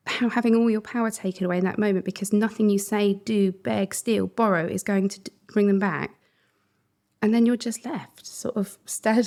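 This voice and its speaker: A middle-aged woman co-hosting a podcast, talking in an earnest, conversational way and laughing softly between thoughts. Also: medium pitch. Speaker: podcast co-host. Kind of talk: reflective podcast chat.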